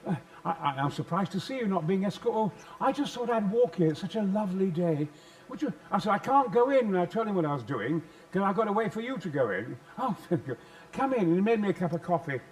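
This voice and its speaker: An older man with a Yorkshire accent, an actor telling stories in an interview with booming, theatrical bursts. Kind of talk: animated anecdote telling.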